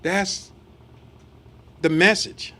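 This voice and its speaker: A man with a high-pitched voice preaches a sermon. He reads scripture aloud, then turns to rhetorical questions for the congregation and acts out little quoted voices to make his point. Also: steady tone, very slow, pushed and bright.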